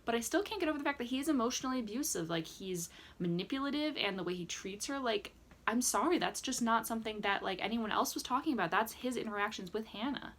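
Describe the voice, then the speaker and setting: A chatty, sarcastic young woman recaps a reality dating show in a casual reaction vlog, talking fast and animatedly in a slightly high, somewhat bright voice full of "like" fillers. She's recorded indoors on a camera mic with a ring light.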